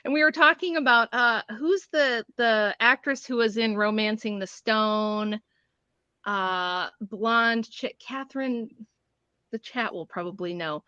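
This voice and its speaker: Bright-voiced chatty woman. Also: fairly high pitch, unhurried, clean tone, no room sound, lo-fi sound. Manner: chatty, laughs often, goes on tangents. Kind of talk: casual chat on a livestream.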